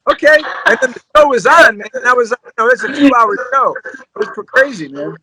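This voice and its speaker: A man's voice: very high-pitched, very animated, brisk, noisy background. A man, a drummer, telling stories in a casual interview, rambling and laid-back, peppering his talk with "you know" and "man.".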